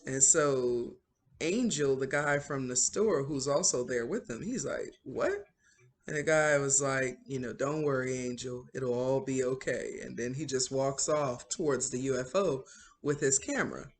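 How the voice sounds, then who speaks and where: A woman's voice: extremely low pitch, moderate pace, slight background noise. A woman casually retelling a movie plot, rambling with many fillers such as "like" and "um". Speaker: channel host recapping a movie. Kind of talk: casual spoken movie recap.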